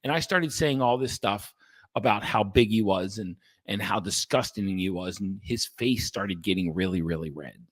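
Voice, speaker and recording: With a lowish voice at a moderate pace, this podcast host and coach talks straight to his audience in a loose monologue, cursing a lot, hammering his points bluntly, and frequently starting sentences over. There's no room sound.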